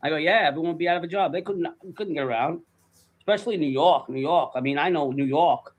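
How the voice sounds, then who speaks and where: Fast, rambling, profane man. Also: on the high side, phone-quality sound. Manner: fast, animated. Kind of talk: casual chat.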